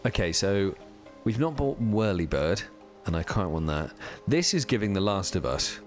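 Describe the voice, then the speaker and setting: Male streamer, very deep voice, casual rambling chat, reads chat while gaming, faint game music behind. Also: lively intonation, fairly quick, few pauses. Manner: chatty, reads and answers chat while playing; rambling, many fillers.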